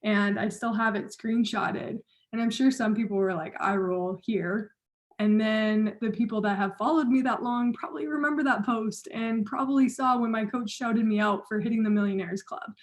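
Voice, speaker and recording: A woman's voice: a little high, fairly even intonation, normal speed, few pauses. A woman training her team of coaches, talking in an upbeat, encouraging way straight to her listeners.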